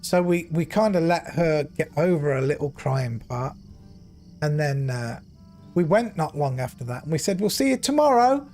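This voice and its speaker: A middle-aged man streaming a game, telling an emotional story in an earnest, animated way. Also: on the high side, normal speed, faint music behind. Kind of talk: casual storytelling while gaming.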